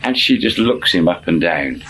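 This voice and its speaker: Man, very low voice, chuckling storyteller, faint background hiss. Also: animated, moderate pace, fairly bright tone, rough recording. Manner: chuckling, acts out dialogue in shifting voices. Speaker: storyteller channel host. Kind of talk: casual spoken storytelling.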